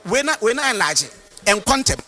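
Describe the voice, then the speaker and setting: A man, a guest on a radio health talk who explains herbal medicine in an animated, lecturing, sing-song way. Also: high-pitched, a little fast.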